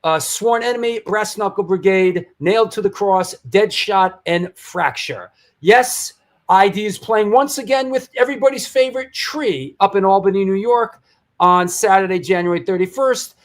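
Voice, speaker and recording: Brief: high-voiced male livestream host, loose hyped announcer, stumbles and restarts. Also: moderate pace. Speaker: show host. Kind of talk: livestream talk show chat.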